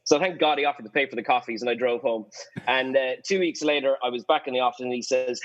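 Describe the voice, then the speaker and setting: An Irish man chats as a podcast guest and tells stories with energy, slipping into the voices of the people in them. His pitch sits in the middle, and the audio is a little dull and muffled. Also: fast talker. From Ireland. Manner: lively anecdotes, acts out quoted voices. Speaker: guest, sailing photographer. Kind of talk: casual podcast storytelling.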